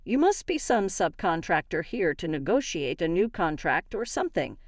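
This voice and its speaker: A woman voicing a rude, arrogant male company director who shouts and sneers with disdain. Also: on the low side, big pitch swings, moderate pace, dry recording, clean studio sound. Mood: sneering.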